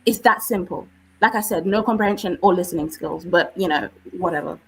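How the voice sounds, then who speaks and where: A woman with a British accent, arguing forcefully on a live-stream debate and often asking "okay?". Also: fairly low pitch, brisk, gravelly, breathy edge, poor audio. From United Kingdom.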